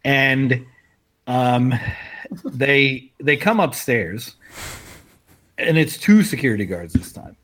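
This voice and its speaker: A man's voice: mid-range voice, expressive, takes it slowly, pauses often, a bit bright. Laid-back man telling a profane story. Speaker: podcast co-host telling a story. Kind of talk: casual chat.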